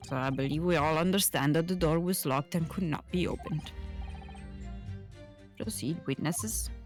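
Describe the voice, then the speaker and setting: A stately old judge presiding with formal gravity, as a woman puts him on. The voice is very low for a woman and the lines come measured and deliberate. It belongs to a game read aloud. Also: faint music behind, natural voice. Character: stately older male British judge.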